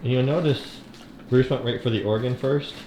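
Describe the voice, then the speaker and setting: A man's voice: medium pitch, normal speed. Casual male vlogger, easygoing chat about his dogs, faint background noise. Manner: relaxed, loose with fillers and restarts. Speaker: dog owner vlogger. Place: outdoors in wind, cold winter day. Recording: windy outdoor camera audio.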